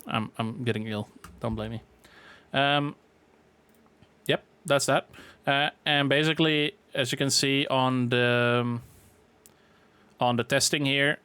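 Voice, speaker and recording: A man explains a game boss fight in a loose, laid-back way, stopping often for fillers as he works through each step. His voice sits at an ordinary middle pitch. The sound is dry, with no room echo. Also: clear, resonant tone. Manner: relaxed, filler-heavy explaining. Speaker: game guide creator. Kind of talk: casual walkthrough of a raid boss.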